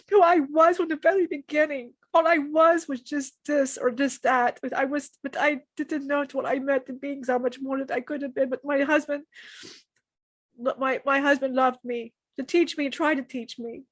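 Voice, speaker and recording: A woman delivers a channeled spiritual message in a high voice. Her speech is emotional and halting, full of restarts and repeated words. The recording is dry and close. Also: no echo.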